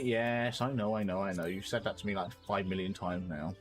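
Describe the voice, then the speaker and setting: A man's voice: sits low, fairly quick, faint music behind. A man streaming a game, chatting casually and musing aloud while correcting himself. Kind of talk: casual chat while playing.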